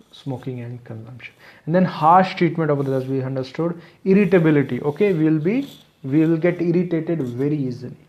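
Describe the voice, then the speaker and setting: A man's voice: medium pitch, dull audio. Man lecturing with frequent "okay"s. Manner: explains step by step, repeating phrases and adding frequent "okay"s. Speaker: webinar presenter. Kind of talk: online lecture.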